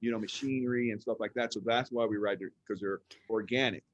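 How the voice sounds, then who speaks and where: A man's voice: on the low side, fairly even intonation, fast, no echo, lo-fi sound. A man in a casual roundtable chat, rambling along with many fillers. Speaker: roundtable guest.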